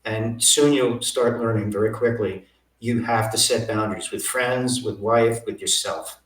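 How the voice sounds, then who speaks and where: A man's voice: on the low side, a little slow, echoey room, far from the mic, low-quality recording. A man telling stories as an interview guest, acting out the dialogue he quotes. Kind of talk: storytelling interview.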